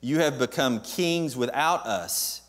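A man's voice: medium pitch, takes it slowly, fairly bright tone. A man preaching a sermon as pastor, emphatic and posing questions to the congregation.

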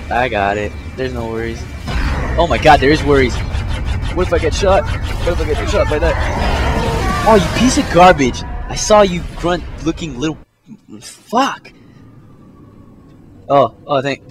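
A young man doing let's play commentary, swearing a lot and swinging from low mutters to panicked yelps. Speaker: gameplay commentator. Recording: game music under the voice. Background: game music.

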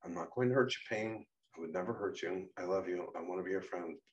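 A gentle woman soothes and reassures, voiced by a man with a deep voice. She coaxes patiently and warmly. The recording is dull and set back from the mic. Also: normal speed, lightly acted. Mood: soothing. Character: patient, caring woman, a calming confidante. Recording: muffled, distant mic.

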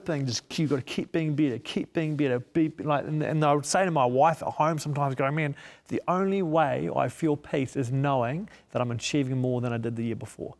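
A man with a gravelly, creaky voice tells a heartfelt personal story as a guest, voicing his own thoughts as he goes. His voice rings with a long hall-like reverb. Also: mid-range voice, fairly quick. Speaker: guest, media missionary. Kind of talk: personal testimony in a sit-down interview.

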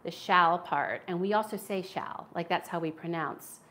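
A woman's voice: fairly low pitch, moderate pace, a bit bright, a little hiss or hum. A woman from the United States hosting a casual cooking livestream, chatting in a self-deprecating way as she cooks in her home kitchen.

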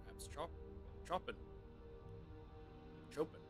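A man's voice: a little high, expressive, fairly quick, pitched above the performer's own voice. A man voicing a polite male robot clerk who speaks in a stiffly formal way, reading a game log aloud. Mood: prim, formal. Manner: stiffly formal, repeats "sir" and "ma'am". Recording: game music playing underneath.

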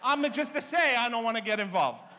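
Comic putting on a passive-aggressive older Italian mom, sing-song, thick accent, high and bright. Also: female voice, animated, fairly quick, big-room sound. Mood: sly. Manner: sing-song, backhanded, broken English.

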